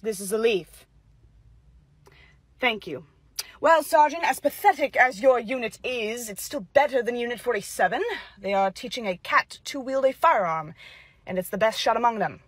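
A woman voicing a cold male army colonel who speaks in slow, clipped, disdainful lines. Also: fairly high pitch, animated, husky, no echo, pitched below the performer's own voice.

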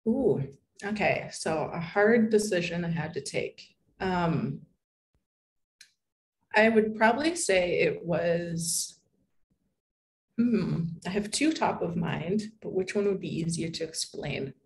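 Chatty low-voiced American woman. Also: expressive, slow, darkish tone, low-quality recording. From United States. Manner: chatty, peppers speech with "like", acts out quoted voices. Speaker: guest, content writer. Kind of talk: casual interview chat.

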